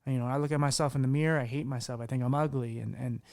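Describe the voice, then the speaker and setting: A man's voice: medium pitch, fairly even intonation, racing, darkish tone, dry recording, studio quality. Candid rambling male podcast host. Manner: candid, rambling with many restarts and fillers. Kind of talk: casual conversational interview.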